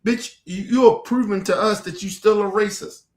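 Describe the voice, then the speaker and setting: A man's voice: high voice, fairly even intonation, moderate pace, reverberant. A man hosting a commentary show, ranting angrily and profanely at clips with mocking rhetorical questions. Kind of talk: profane angry reaction rant.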